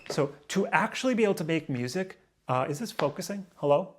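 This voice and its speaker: A man in his late thirties ranting to camera in a raw, emotional vlog, angry and swearing, stumbling over restarts and swinging between loud outbursts and low muttering. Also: expressive, fairly quick, a little hiss or hum. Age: 30s. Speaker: vlogger.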